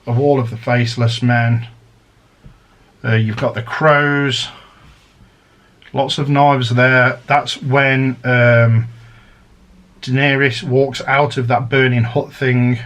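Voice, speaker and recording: A man's voice: medium pitch, a bit bright. A man chatting casually as he unboxes a collector's set, rambling and drifting into fan theories. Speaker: unboxing vlogger.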